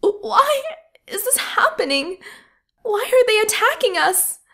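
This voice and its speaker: A woman's voice: sits high, expressive, takes it slowly, pitched above the performer's own voice. A woman voicing a desperate young nurse. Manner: pleading, tearful, faltering.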